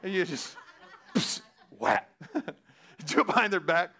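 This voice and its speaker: Bright-voiced pastor preaching with big swings. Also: male voice, sits high, animated, moderate pace. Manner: conversational, laughing, swings from hushed to shouting. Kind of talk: sermon.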